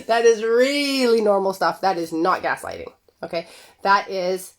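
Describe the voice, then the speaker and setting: A woman relationship coach giving a conversational talk to her viewers, acting out quoted lines with lively shifts in voice. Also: mid-range voice, a little slow. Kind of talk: direct-to-camera coaching talk.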